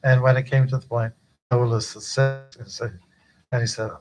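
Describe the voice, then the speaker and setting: A man's voice: medium pitch, little pitch movement, moderate pace, over music, low-quality recording. An older man, a guru, giving an informal initiation talk at a temple gathering, chatty and joking with many fillers.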